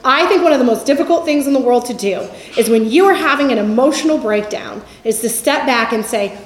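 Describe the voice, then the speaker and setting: A middle-aged woman giving a candid Christian teaching talk, speaking conversationally and telling stories, often trailing off softly at the ends of thoughts. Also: fairly high pitch, animated, a little fast, hardly any pauses, echoey room.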